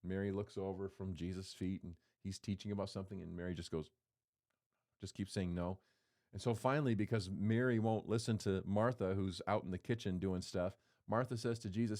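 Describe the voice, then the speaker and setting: A man's voice: mid-range voice, fairly quick, darkish tone. A man preaching a sermon in a conversational, playful way, acting out quotes as he goes. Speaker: pastor.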